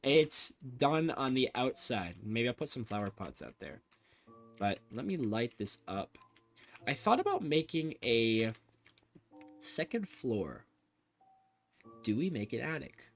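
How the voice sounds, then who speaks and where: A young man chatting casually while playing a building game, rambling in a low-key monotone with sudden excited bursts. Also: slow pace, long pauses, faint music behind. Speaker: gaming vlogger.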